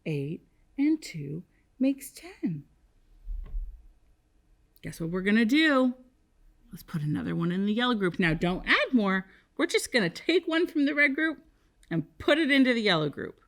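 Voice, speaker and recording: A woman teaching a kindergarten math lesson on television, leading the children in slow sing-song call-and-response counting. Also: fairly high pitch, sing-song, fairly bright tone.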